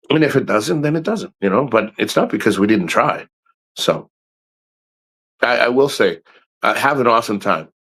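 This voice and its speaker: A middle-aged man hosting a livestream, talking in a rambling, blunt and profane way. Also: lowish voice. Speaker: livestream host. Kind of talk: casual livestream talk.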